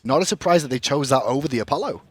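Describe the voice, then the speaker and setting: A young man casting an esports draft, quick and animated, trading banter with his co-hosts. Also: medium pitch, slightly rough, no room sound. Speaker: esports caster. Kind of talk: esports play-by-play commentary.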